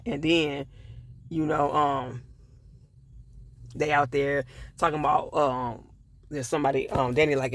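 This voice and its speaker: A man's voice: medium pitch, steady tone, slow pace, pauses often, fairly bright tone, no echo. A man casually recapping a TV episode, acting out the characters' lines with sassy asides. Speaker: TV show reviewer.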